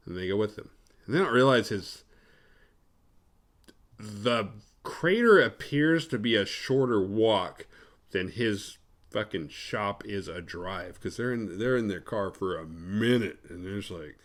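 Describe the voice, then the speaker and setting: A man's voice: lowish voice, animated, moderate pace. A man hosting a horror movie podcast, recapping a film in a rambling, profane, sarcastic way.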